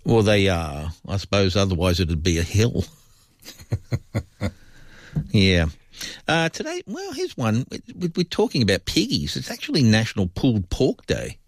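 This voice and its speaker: A man's voice: fairly low pitch, wildly swooping pitch, normal speed, no echo, studio quality. A man co-hosting a radio show, chatty and playful, reading out trivia. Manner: chatty, playful, slips into silly voices. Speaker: radio co-host. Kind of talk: casual radio chat.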